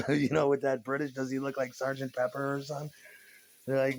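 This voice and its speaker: A man in his forties talks in a loose, meandering monologue. His delivery is laid-back and full of swearing, and his voice sits at an ordinary middle pitch. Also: level tone, moderate pace, a little hiss or hum. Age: 40s. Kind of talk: casual rambling monologue.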